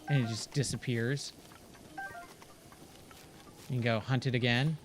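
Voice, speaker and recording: A man's voice: medium pitch, a little slow, pauses often, a bit bright, a little hiss or hum. A man streaming a video game, chatting casually and reading the on-screen text aloud. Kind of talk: casual let's-play commentary.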